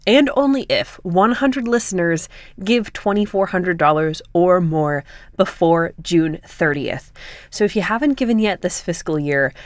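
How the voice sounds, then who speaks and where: A female classical radio host announcing pieces and making a measured on-air appeal for listener support. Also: fairly low pitch, no echo. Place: radio studio. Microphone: studio microphone.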